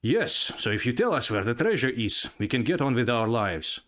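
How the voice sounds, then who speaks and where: A man's voice: mid-range voice, sing-song, normal speed, fairly bright tone. A man voicing a bold male treasure-hunting adventurer who speaks urgently and gives commands.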